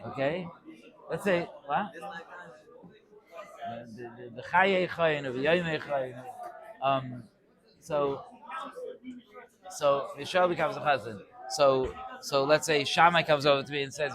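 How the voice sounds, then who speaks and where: Rabbi lecturing to a crowded room. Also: male voice, fairly high pitch, a crowd in the background. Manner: conversational, acts out quick dialogue. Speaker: rabbi giving a Torah class. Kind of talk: informal Torah lecture.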